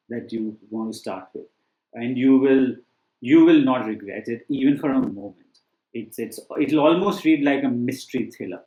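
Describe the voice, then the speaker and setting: A man's voice: mid-range voice, darkish tone. A man giving casual book recommendations as a test-prep teacher, talking loosely with many fillers and restarts. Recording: echoey room.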